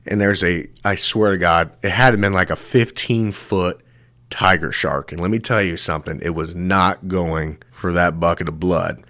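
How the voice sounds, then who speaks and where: A man's voice: sits low, fairly bright tone, dry recording. A young man hosting a comedy show, telling rambling, crude stories full of swearing and laughing at his own jokes. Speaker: show host. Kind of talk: comedic storytelling monologue.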